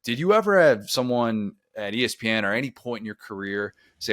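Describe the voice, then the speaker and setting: A man hosting a podcast, asking interview questions in a relaxed, conversational way. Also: fairly low pitch, brisk, few pauses, no room sound, studio quality. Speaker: podcast host.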